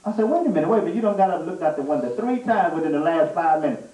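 High-voiced preacher in an echoey church. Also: male voice, very fast. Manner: animated, laughing through a comic story. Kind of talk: storytelling sermon. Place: church sanctuary. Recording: echoey church room, mic at a distance.

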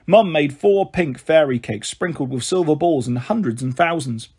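A man reading a children's book aloud with steady, expressive narration. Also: fairly high pitch, normal speed, slightly rough. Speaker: storyteller.

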